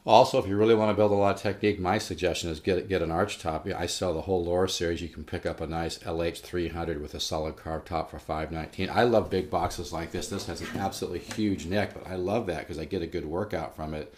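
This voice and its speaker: A guitar teacher gives a casual lesson, rambling with restarts and stressing how much practice matters, while faint guitar playing sounds behind him. His low, darkish voice is fast with fairly even intonation and few pauses.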